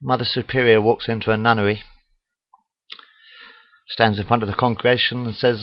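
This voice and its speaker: A man's voice: medium pitch, level tone, normal speed, long pauses. A man telling crude jokes in a rambling, casual monologue into a webcam, full of "uh" fillers. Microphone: webcam mic. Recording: dull lo-fi webcam audio.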